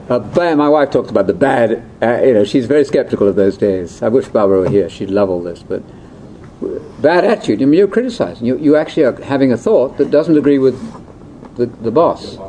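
A man's voice: mid-range voice, animated, brisk, warm tone, a little hiss or hum, poor audio. An older man giving a chatty, wry, ad-libbed lecture to a conference audience. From Britain. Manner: chatty, wry, with asides and laughs. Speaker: speaker at a religious conference.

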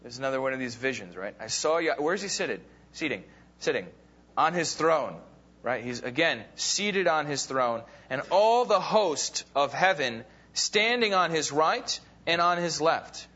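A man's voice: a little high, animated, a little slow, pushed and bright. A man teaching a Bible class, casually retelling a story with fillers and acting out the quoted lines. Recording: dull lo-fi recording.

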